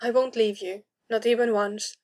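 A woman voicing a tender, protective woman companion who speaks softly, steadily and reassuringly. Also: a little high, level tone, normal speed, close to an everyday voice.

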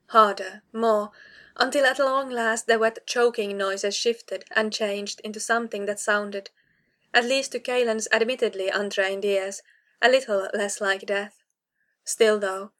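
A woman's voice: mid-range voice, fairly bright tone. A woman narrating a fantasy novel aloud, reading a tense scene with dramatic weight. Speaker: audiobook narrator.

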